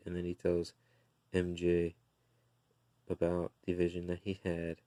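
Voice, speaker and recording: A man casually retelling the plot of a comic book issue, relaxed and full of fillers and restarts. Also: low voice, unhurried, no echo.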